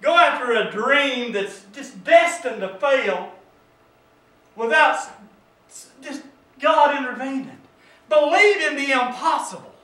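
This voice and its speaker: High, bright-voiced preacher in an echoey church. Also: male voice, lively intonation, a little slow. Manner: preaching, swings from hushed to shouting. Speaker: pastor. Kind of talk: sermon. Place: church sanctuary. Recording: echoey church from far off, music behind.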